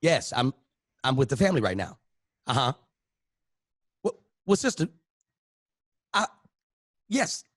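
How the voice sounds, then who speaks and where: A man's voice: mid-range voice, big pitch swings, unhurried, pauses often, fairly bright tone, dry recording, studio quality. A man imitating his older preacher father, speaking in a genteel, churchy, stammering way. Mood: pious. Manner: churchy, genteel, stuttering 'uh'. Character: older male preacher father, pious and smug.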